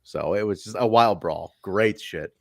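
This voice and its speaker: A man co-hosting a casual podcast chat, animated, swearing and laughing often. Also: sits low, a little slow, creaky, dry recording, clean studio sound. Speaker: podcast co-host. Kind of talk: casual chat reviewing wrestling.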